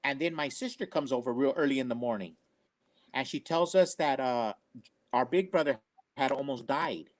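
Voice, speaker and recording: A man's voice: mid-range voice, moderate pace. An older man telling personal family stories in an earnest, rambling way, often repeating himself. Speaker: storyteller on a family talk show. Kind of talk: casual personal storytelling.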